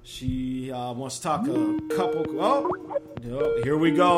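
A man hosting a live sports call-in show, loud, hyped and playful with callers. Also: mid-range voice, sing-song, slow, loud music behind the voice. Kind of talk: live call-in radio chat.

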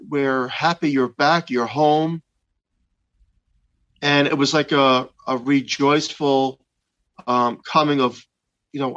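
A man in his fifties slowly and earnestly recounting a personal experience, with frequent pauses and restarts. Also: mid-range voice, fairly bright tone, lo-fi sound. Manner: slow, halting, earnest retelling with many restarts. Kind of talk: personal testimony of a near-death experience.

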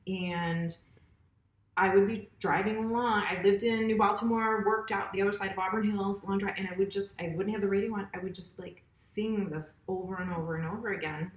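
A woman's voice: mid-range voice, fairly even intonation, fairly quick. A middle-aged woman telling personal stories in a casual chat. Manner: storytelling, chatty with laughs. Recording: echoey room.

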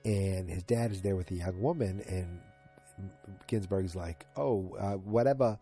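With a deep, warm voice and a measured pace, a man recaps a TV episode as a podcast host, sitting at home in front of the TV. He's sleepy and yawning, rambling casually and chattily with plenty of asides, faint music behind him.

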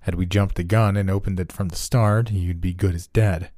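A man reads as a cold, secretive doctor in a spoken horror story, calm and clinical as he pushes his subject onward. The voice sits very low and dark. The sound is close and dry. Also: normal speed, no echo, lightly acted. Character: cold, secretive male doctor running experiments.

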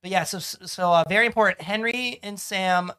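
This podcast co-host's high-pitched voice sounds clean, pushed and bright at a moderate pace. Recapping a TV episode, he chats casually, rambles, curses, and performs the show's lines in changing voices.

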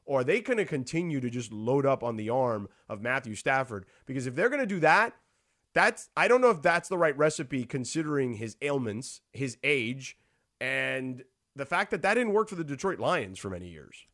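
A man hosting a sports talk show, chatting casually with quick, animated asides. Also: mid-range voice, no room sound, clean studio sound.

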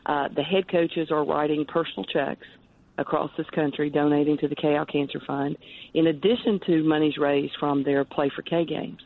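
A woman's voice: low voice, fairly even intonation, normal speed, a little hiss or hum. Earnest woman on a tinny phone line. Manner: earnest, rambling with many restarts. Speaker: guest, cancer charity director. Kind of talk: podcast interview over the phone.

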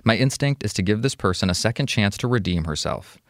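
A man with a lowish voice reads a listener's letter in an even, measured way. He is recorded close and dry. His delivery is calm and plain. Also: no room sound. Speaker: advice podcast co-host. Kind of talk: reading a listener letter, then casual chat.

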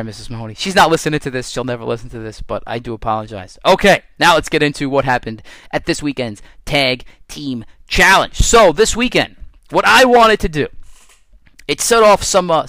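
A middle-aged man hosts his own podcast, spinning stories with lively, self-amused energy. His voice sits a little high for a man. The recording is close and dry, with no room echo. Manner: animated storyteller, laughs at his own stories. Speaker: podcast host and strength coach. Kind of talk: casual solo podcast monologue.

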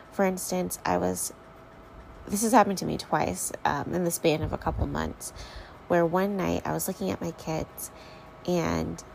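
A woman giving gentle, reflective encouragement in a faith talk. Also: on the low side, creaky, a little hiss or hum, rough recording.

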